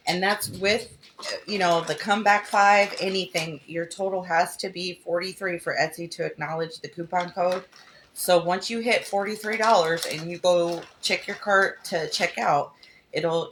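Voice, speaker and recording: A woman's voice: on the low side, fairly bright tone, a little hiss or hum. Chatty woman hosting a craft stream. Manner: chatty, affectionate, greets viewers by name. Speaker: crafting livestream host. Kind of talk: casual livestream craft demo, greeting viewers.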